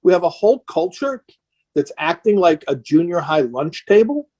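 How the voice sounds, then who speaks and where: A man's voice: fairly high pitch, sing-song, moderate pace, darkish tone. A man speaking as a rabbi in an impassioned question-and-answer talk, earnest and emotional, sounding tired and worn down.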